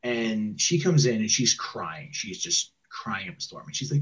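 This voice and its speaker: A man's voice: lowish voice, big pitch swings, normal speed, a bit bright, husky. A man telling a long story on a call in a rambling, profane way, often mimicking what others said. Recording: muffled distant secretly recorded call.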